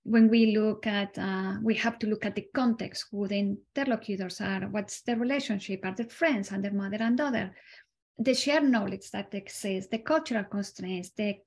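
A woman from the audience asking a measured, thoughtful question about teaching. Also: mid-range voice, a little mellow. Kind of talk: question at a lecture.

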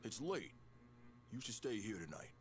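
A man voicing a gruff, chatty male fighter while reading game dialogue on a stream. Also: fairly low pitch, very animated, moderate pace.

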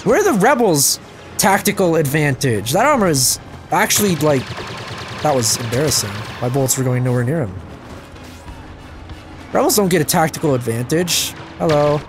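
A young man giving casual, self-mocking commentary over his gameplay, his voice jumping high when things go wrong. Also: big pitch swings, normal speed, pauses often. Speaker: gaming channel host. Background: game music and gunfire.

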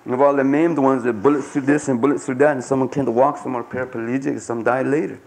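A man's voice: steady tone, fast, darkish tone, slight background noise. Impassioned man telling stories to an audience. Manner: impassioned, swings from low murmurs to high cries. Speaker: conference speaker. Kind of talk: storytelling talk to an audience. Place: conference room before a live audience. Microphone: 1990s archival live talk recording.

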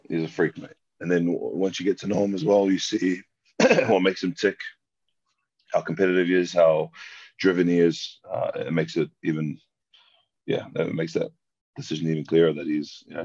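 Deep husky Australian man, laid-back. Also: fairly even intonation, moderate pace, pauses often, darkish tone, no echo. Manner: laid-back, rambling, says "mate" constantly. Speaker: guest rugby player. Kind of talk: casual podcast chat. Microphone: remote call. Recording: dull lo-fi call audio.

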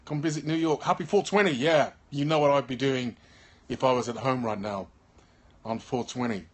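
Tired man clearing his throat. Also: medium pitch, normal speed. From Birmingham, England. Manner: laid-back, keeps clearing his throat, trails off with ums. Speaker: actor. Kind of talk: casual live-stream chat, reading viewer comments. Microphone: phone held in hand.

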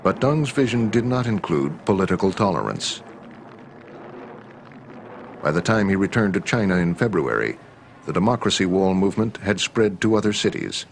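A man giving scripted documentary narration in a measured, grave manner. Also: low-pitched, animated, gravelly, a little hiss or hum.

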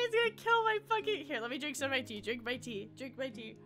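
A woman's voice: high-pitched, big pitch swings, quick pace, fairly bright tone, soft background music. A woman VTuber streaming a game, chatting crudely with lots of giggles and reading text aloud. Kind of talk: casual livestream chat with reading aloud.

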